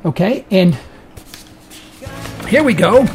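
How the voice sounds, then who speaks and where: A man's voice: high voice, lively intonation, moderate pace, vocal fry, soft background music. An American man hosting an online talk radio show, delivering an indignant political monologue. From United States. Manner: indignant, ranting, mocking quoted voices.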